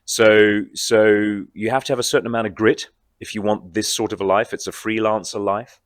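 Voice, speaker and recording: A man, a guest actor in a convention interview, talking in a reflective, animated way. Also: lowish voice, moderate pace, clear, resonant tone, no room sound, studio quality. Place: convention floor.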